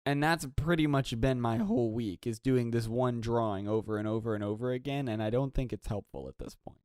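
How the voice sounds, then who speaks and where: Young male podcast co-host, mid-pitched, easygoing, self-deprecating, dry recording. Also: brisk, a little mellow, dry recording. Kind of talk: casual chat.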